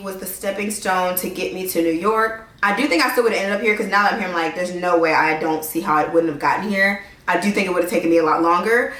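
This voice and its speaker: A young woman chats straight to her viewers in a casual vlog, slangy, emphatic and animated. Her voice sits mid-range for a woman. It carries a roomy echo. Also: medium pitch. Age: young adult. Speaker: legal consultant and content creator. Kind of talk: casual talking-to-camera vlog.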